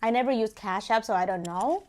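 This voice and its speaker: A woman's voice: on the high side, brisk. Chatty woman telling a story while eating. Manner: chatty, animated retelling with quoted voices. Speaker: food vlogger.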